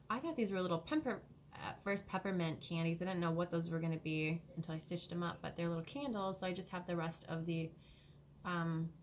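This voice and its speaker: A woman vlogger showing off her cross-stitch haul at home in a rambling, hurried way, with many pauses and ums. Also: fairly low pitch, a little hiss or hum. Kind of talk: casual show-and-tell haul. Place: home, indoors.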